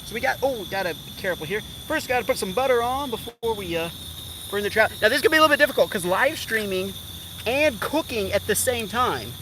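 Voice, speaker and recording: A man's voice: high-pitched, expressive, quick pace. A man casually chatting to his livestream viewers while cooking outdoors on a riverbank, upbeat and talking straight to the camera on a tripod. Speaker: fishing vlogger. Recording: outdoor camera audio with loud ambient noise.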